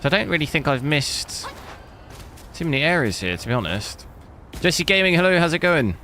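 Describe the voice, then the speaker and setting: Chatty streamer with a bright voice. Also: male voice, on the high side, very animated, normal speed, slight background noise. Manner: rambling, chatty, answers viewer chat. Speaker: gaming streamer. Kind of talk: casual live-stream chat while benchmarking.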